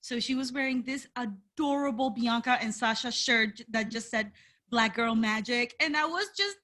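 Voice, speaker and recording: A woman co-hosting a casual podcast chat, animated and blunt, swearing freely. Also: on the high side, moderate pace. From immigrant, origin not stated. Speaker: podcast co-host.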